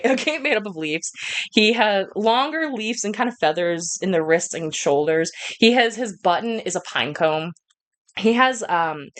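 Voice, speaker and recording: A woman narrating a tabletop game as game master, chatty, laughing often and self-deprecating. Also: mid-range voice.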